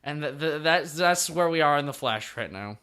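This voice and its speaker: A man's voice: a little high, expressive, moderate pace, bright, forceful tone, smooth. A young man hosting a podcast, rambling through jokey recaps in a casual chat with plenty of restarts. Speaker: podcast host.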